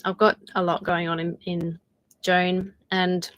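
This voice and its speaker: A tired woman with an Australian accent, chatting casually with viewers on a livestream, laughing often and trailing off into soft asides. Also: on the low side, level tone, a little slow, muffled recording, slight background noise. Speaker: channel host doing a livestream. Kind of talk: casual live chat with viewers.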